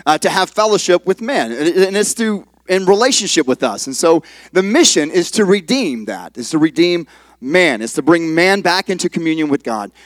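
A male pastor giving a sermon in a folksy, halting way, with many fillers and restarts. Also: a little high, expressive, no room sound. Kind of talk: sermon with a told joke. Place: church sanctuary.

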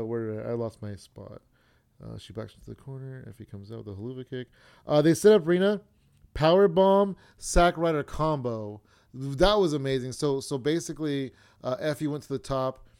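A man's voice: medium pitch, a little mellow, clear, resonant tone. A man hosting a podcast, casually recapping a show in a rambling way, losing his place now and then and acting out what people said. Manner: rambling, loses his place, acts out quotes. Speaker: podcast host.

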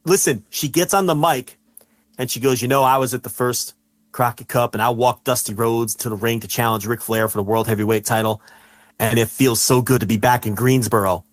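A man co-hosting a casual wrestling podcast, telling stories with animation and shouting out the lines he quotes. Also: mid-range voice, fairly even intonation, brisk. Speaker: podcast co-host.

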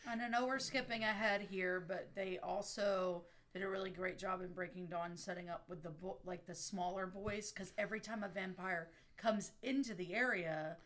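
A woman co-hosting a podcast, speaking in a measured, thoughtful way with some restarts. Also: mid-range voice, fairly even intonation, a bit bright. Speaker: podcast co-host. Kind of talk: casual chat.

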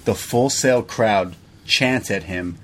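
Animated man recapping a wrestling show. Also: fairly low pitch, takes it slowly, a little hiss or hum. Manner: animated retelling, acting out quotes. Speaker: podcast co-host. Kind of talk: casual recap chat.

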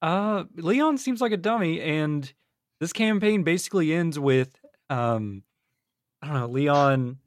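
A laid-back man chatting about a game on a podcast call. His voice is a little high and sounds dry and close. He comments wryly, in an easy way. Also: expressive, unhurried, no echo. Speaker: podcast co-host. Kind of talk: casual podcast chat about a video game. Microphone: online call.

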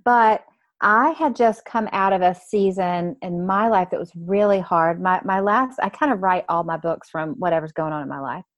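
A woman with a Southern US accent, a guest author on a podcast who chats warmly and tells stories. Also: on the low side, normal speed, no echo. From American South. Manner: warm, chatty storyteller. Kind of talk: podcast interview.

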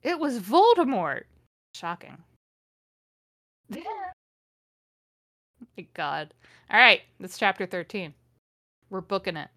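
A woman host reads a fan story aloud for comedy, cutting in with dry, exasperated commentary. Her voice is bright and forward, with a sharp edge. Her tone is sarcastic throughout. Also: lowish voice, slow, creaky, pauses often, no echo. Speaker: host, dramatic reader.

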